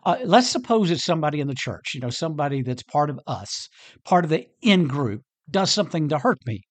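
A man's voice: a little high, very animated, brisk, no room sound. A man putting on the voice of a nervous male disciple who hopes for a loophole, sheepish and confiding.

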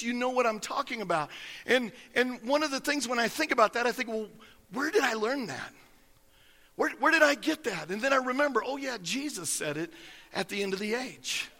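High, bright-voiced pastor preaching. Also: male voice, long reverb tail. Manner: folksy, storytelling, emphatic preaching. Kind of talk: sermon.

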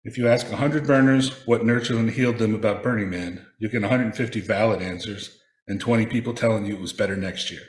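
A man reading a prepared personal reflection aloud, telling stories in a measured way with touches of wry humor. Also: on the low side, roomy sound. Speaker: speaker sharing a personal reflection.

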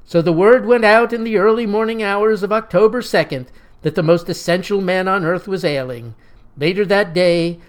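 A man narrating a satirical story in a wry, deadpan, mock-heroic tone. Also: sits high. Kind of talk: satirical storytelling with voiced dialogue.

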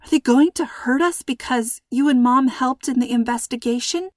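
A woman's voice: high voice, normal speed, a little mellow, dry recording, clean studio sound, lightly acted. A woman voicing a frightened young girl in a storybook reading, asking breathless, pleading questions. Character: frightened young girl, kidnapped with her father.

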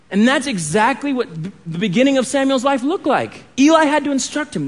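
Man, high voice, pastor, sermon, expressive, hushed on key points. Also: a little fast, few pauses. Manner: expressive preaching, drops to a hush on key points; reads scripture aloud, acting out the dialogue.

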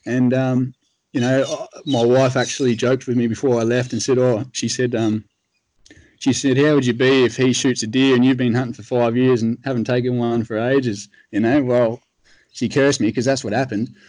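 Australian man, casual rambling storyteller, dry close sound, mid pitch. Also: level tone, normal speed, a little mellow, dry recording. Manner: laid-back, rambling, frequent fillers. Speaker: guest telling a hunting story.

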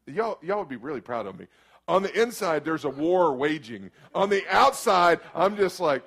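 A middle-aged man, preaching a storytelling sermon that swings from hushed asides to sudden shouts. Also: a little high, lively intonation, moderate pace, creaky, breathy edge. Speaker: pastor.

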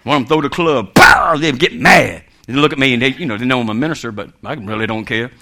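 A man's voice: mid-range voice, rapid-fire, a bit bright. A male minister preaching with humor, laughing often, acting out voices in his stories and calling out amen and come on.

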